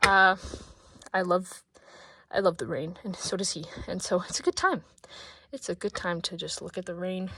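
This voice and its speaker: A woman in her twenties, out of breath, chatting casually at her desk in a rambling, excitable way that often drops to soft mumbles. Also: on the low side, normal speed, pauses often, breathy edge, dry recording. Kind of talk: casual sketchbook tour vlog.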